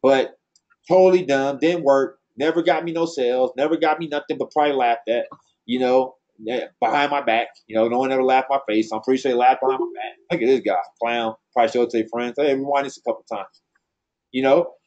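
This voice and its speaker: A man's voice: mid-range voice, steady tone, fast, a little mellow. A man giving a blunt, passionate team talk in a loose, slangy way, like a trainer speaking to his team. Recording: dull lo-fi sound.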